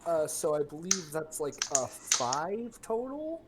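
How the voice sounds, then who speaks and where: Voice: medium pitch, slow pace. Player at a tabletop game, voice jumps around a lot, some faint hiss. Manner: lively, checks rules aloud.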